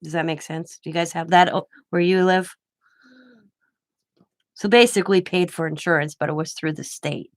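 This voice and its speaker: A woman's voice: on the low side, normal speed, pauses often, no room sound. An older woman hosting a craft channel, telling rambling personal anecdotes in casual chat and laughing often.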